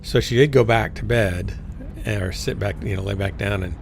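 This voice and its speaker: Low, gravelly-voiced game streamer. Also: male voice, normal speed, noisy background. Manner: chatty, rambling, talks to teammates. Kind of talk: casual gaming livestream chat.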